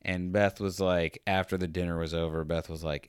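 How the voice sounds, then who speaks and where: A man hosting a podcast, telling a rambling, animated anecdote in a casual monologue and acting out the quotes as he goes. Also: low voice, moderate pace, clean tone, dry recording, studio quality. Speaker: podcast host.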